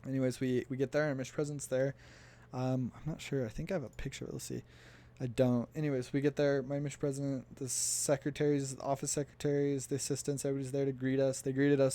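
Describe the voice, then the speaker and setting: A man's voice: medium pitch, little pitch movement, quick pace, warm tone. A young man from the United States casually telling a story for his vlog, chatty and laughing as he recounts. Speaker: vlogger.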